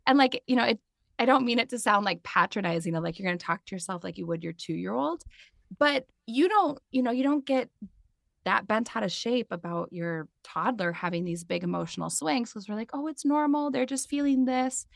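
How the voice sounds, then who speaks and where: A woman's voice: medium pitch, expressive, brisk, gravelly, a bit bright, dry recording, clean studio sound. A woman in her thirties, a podcast guest and mindfulness teacher, talking in a chatty way with lots of filler words. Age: 30s. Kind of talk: casual interview chat.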